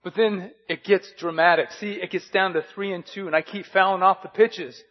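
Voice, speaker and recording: A man's voice: sits high, steady tone, normal speed, highs cut off. A man preaching a sermon as pastor, earnest and fond of repeated rhetorical questions.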